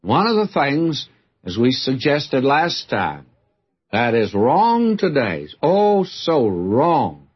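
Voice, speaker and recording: A man's voice: medium pitch, breathy edge, lo-fi sound. A man teaching through a book of the Bible in a folksy, earnest sermon, speaking directly to his listeners.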